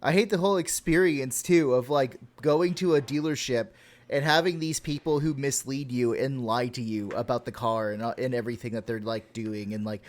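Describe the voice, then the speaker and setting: A man's voice: mid-range voice, steady tone, normal speed. A man from Texas co-hosting a podcast, ranting and swearing casually with laughs. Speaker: podcast co-host.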